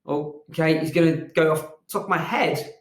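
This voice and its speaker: A man teaching a phonics lesson to young children, telling a gentle, animated story. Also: fairly high pitch, normal speed. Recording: echoey room.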